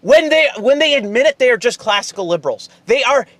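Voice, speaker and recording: A man's voice: extremely high pitch, animated, a little fast, fairly bright tone, dry recording. A man hosting his own political commentary video, delivering an angry, heavily profane monologue. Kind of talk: ranting monologue to camera.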